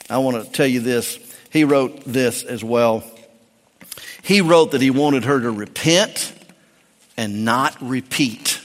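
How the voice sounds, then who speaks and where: A male pastor preaching a sermon, swinging from loud, emphatic peaks to hushed, quiet lows. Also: big-room sound.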